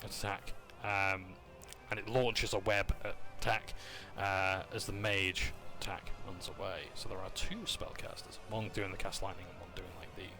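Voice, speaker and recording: A man's voice: low-pitched, level tone, a little slow, few pauses, music in the background. A man casually recapping a tabletop game session, joking and correcting himself as he goes. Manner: casual, with fillers, jokes and self-corrections.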